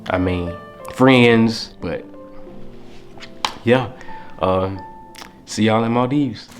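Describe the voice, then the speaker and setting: A man's voice: on the low side, very slow, faint music behind. A young man vlogging to camera in a heartfelt, rambling way, speaking. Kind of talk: casual talk to camera.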